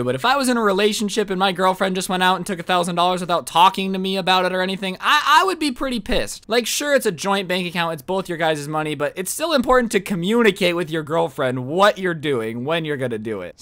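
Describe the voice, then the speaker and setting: A man's voice: sits high, bright, forceful tone, dry recording. A young man telling a personal story in a casual, chatty way, often turning to the listener with asides. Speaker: storytime narrator.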